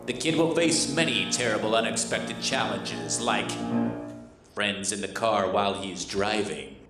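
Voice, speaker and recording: A man's voice: on the low side, unhurried, close to an everyday voice. A man voicing a portentous movie-trailer announcer on a live stage. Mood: dramatic. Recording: live stage with room echo and piano.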